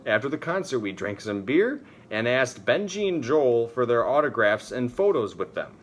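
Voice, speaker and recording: A man reading a fan story aloud for comedy, mostly flat, sometimes cracking up in disbelief. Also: mid-range voice, normal speed. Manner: reads flatly, breaks into disbelief. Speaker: comedy reader.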